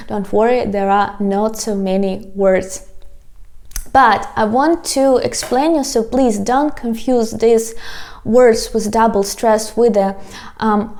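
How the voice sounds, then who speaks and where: A woman's voice: on the high side, darkish tone. A woman with a Ukrainian accent, a native Ukrainian speaker teaching an online language lesson, patiently repeating words and talking directly to her viewers. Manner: patient, addresses viewers as "guys", repeats words slowly for practice.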